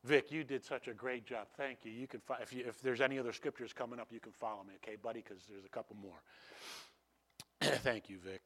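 A man preaching a sermon, telling stories with animated swings from hushed to loud and frequent restarts. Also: mid-range voice, fairly quick. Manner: repeats and restarts phrases. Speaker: pastor.

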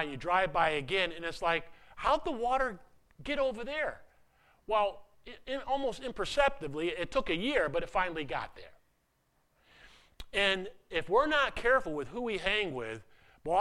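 Pastor, male, high and bright voice, chatty self-deprecating delivery with frequent restarts, speaking to his congregation. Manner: conversational, self-deprecating preaching with many repeated starts. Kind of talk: sermon.

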